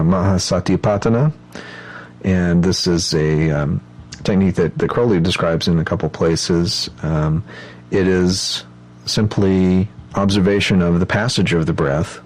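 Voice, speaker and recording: A man with a very deep, low voice talks through meditation techniques in a calm, explanatory lecture. He pauses often with ums and uhs as he works through each step. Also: rough recording. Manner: measured, explanatory, frequent fillers. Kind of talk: instructional lecture.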